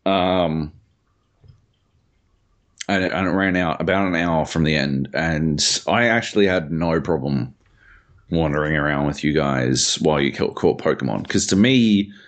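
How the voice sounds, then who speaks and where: A man's voice: a bass voice, measured pace. A young man chats casually on a podcast. He rambles through anecdotes, swears freely and breaks into laughter often. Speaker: podcast co-host. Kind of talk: casual chat.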